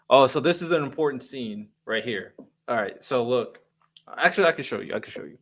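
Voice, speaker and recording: Young male host for a relaxed reaction show, reads manga panels aloud with slips and asides, average pitch. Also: brisk. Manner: reads panels aloud, stumbles, casual swearing. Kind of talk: casual manga read-along reaction.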